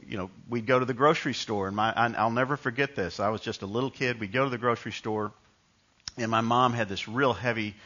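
A man's voice: fairly low pitch, pushed and bright, muffled recording. A man from New York preaching a sermon in a conversational, storytelling way, often restarting his sentences. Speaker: pastor.

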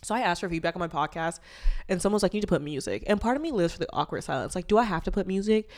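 A young woman hosts her own solo podcast, chatting candidly and playfully with bursts of loud laughter and the occasional sung line. Her voice sits a little low for a woman, is expressive and rapid-fire, and sounds stuffy from allergies.

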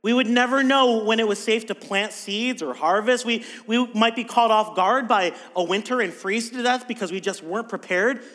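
A high-pitched man preaches a sermon, putting weight on key words and posing rhetorical questions. His voice carries a long reverb tail from the hall around him. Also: fairly bright tone. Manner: emphatic, rhetorical questions, slows for stress. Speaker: pastor.

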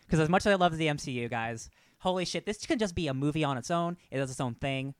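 A young man co-hosting a podcast in casual, jokey, excitable chat. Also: on the high side, fairly quick, clear, resonant tone, no room sound. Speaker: podcast co-host.

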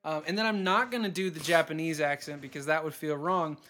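A man hosting a comedy podcast game show, chatting in a playful, rambling way with quick laughs. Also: on the high side, steady tone, bright, forceful tone. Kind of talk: casual comedy podcast chat.

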